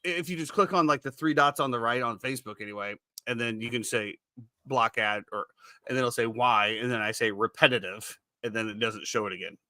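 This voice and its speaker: A man's voice: medium pitch, steady tone, brisk, bright, forceful tone, no echo, studio quality. A middle-aged man hosting a podcast, chatting casually in a joking, rambling, self-mocking way. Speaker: podcast host.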